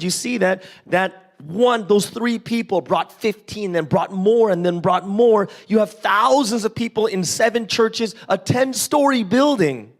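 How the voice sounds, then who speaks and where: A man from Canada, preaching an interactive sermon. He tells stories with gusto, acts out small voices, puts questions to the congregation and keeps checking in with "right?". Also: sits high. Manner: animated storytelling, constantly checks in with "right?". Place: church service.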